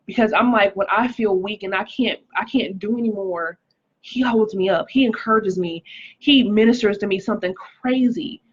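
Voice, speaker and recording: A woman's voice: medium pitch, normal speed, slightly rough, dull audio. A woman giving an earnest, emotional testimony on a live stream as a life coach, reading viewer comments aloud. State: pregnant, recovering from stroke.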